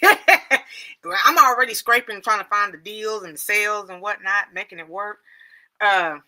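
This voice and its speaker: A woman's voice: mid-range voice, unhurried, pushed and bright. A middle-aged woman hosting a casual livestream chat, laughing often and reading out viewer comments. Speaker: livestream host.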